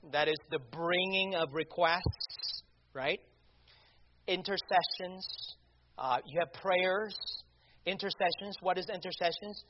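A man preaching a sermon, deliberate and emphatic, asking rhetorical questions. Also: sits high, a little hiss or hum. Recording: dull lo-fi recording.

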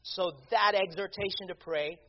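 Man, high voice, unhurried sermon, emphatic preaching, muffled lo-fi recording. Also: fairly even intonation. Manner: deliberate, emphatic preaching with rhetorical questions. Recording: dull lo-fi recording.

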